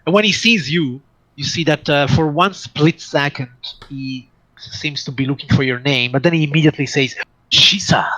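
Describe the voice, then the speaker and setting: A man narrating a tabletop game as game master, pausing often with fillers. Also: on the high side, fairly bright tone, highs cut off. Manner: halting, many fillers.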